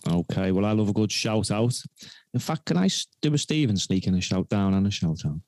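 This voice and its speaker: A man's voice: on the low side, big pitch swings, fairly quick, a little mellow, no echo, studio quality. A man joining a chat show by video call, giving blunt, opinionated remarks. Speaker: panelist. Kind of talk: casual chat.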